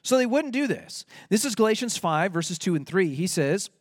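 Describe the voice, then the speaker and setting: A man's voice: high-pitched, big pitch swings, brisk, hardly any pauses, no room sound, studio quality. A man preaching a sermon, emphatic and rising when he reads out scripture. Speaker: pastor.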